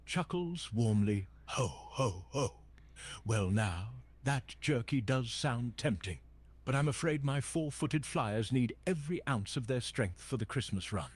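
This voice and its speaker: A synthetic man's voice doing a husky jolly Santa Claus. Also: medium pitch, measured pace. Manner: reads stage directions aloud in a steady, jolly patter.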